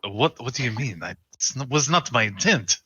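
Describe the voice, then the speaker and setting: A man bantering as a tabletop player in a very bright, sharp voice. His pitch swings in a lively way. The sound is close and dry. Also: normal speed, husky, no room sound. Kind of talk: playing a tabletop game.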